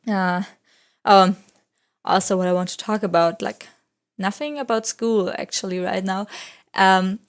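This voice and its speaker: Young woman vlogger, English not her first language, rambling casual voice-over, mid pitch. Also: a little slow, long pauses. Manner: rambling storytelling, full of "like" fillers; non-native English speaker.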